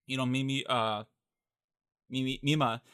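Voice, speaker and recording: Bright-voiced young man chatting about films. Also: medium pitch, measured pace, clear, resonant tone. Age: young adult. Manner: animated, mimics characters' voices. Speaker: podcast co-host. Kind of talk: casual movie discussion.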